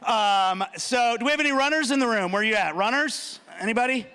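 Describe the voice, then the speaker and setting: Bright-voiced man doing stand-up. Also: extremely high pitch, clean tone. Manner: animated, punchy, talks to the audience with quick asides. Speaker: student speaker. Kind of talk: stand-up comedy routine. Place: large hall.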